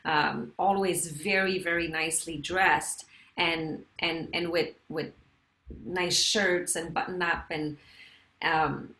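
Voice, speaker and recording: Woman host, bright and sharp, animated, roomy echo. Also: deep voice. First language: French. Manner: animated storytelling, quick asides. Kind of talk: conversational interview.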